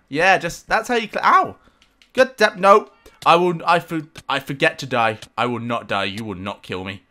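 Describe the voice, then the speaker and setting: A man giving excitable, self-mocking let's-play commentary, talking back to the game with sudden outbursts. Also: fairly high pitch. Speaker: gameplay commentator.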